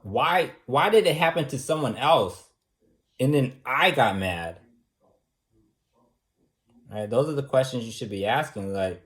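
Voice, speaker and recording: A man's voice: medium pitch, animated, a little slow, long pauses, a bit bright. A man teaching a debate class in an informal, talky way, firing off repeated rhetorical questions and using casual fillers.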